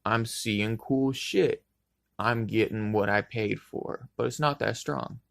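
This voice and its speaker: A man's voice: on the low side, takes it slowly, gravelly, a bit bright. A young man telling a laid-back, profanity-filled personal story in a casual, rambling way. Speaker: vlogger.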